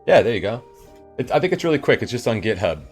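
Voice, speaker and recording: A man's voice: medium pitch, big pitch swings, fast talker, breathy edge, soft background music. A man live-streaming and chatting casually with viewers, rambling and upbeat in his morning voice. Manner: rambling and upbeat, with sudden loud bursts.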